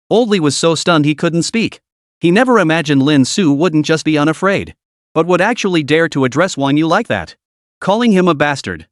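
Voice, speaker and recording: A man narrating a scripted story recap in a steady, dramatic way. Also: fairly high pitch, moderate pace, no room sound, studio quality.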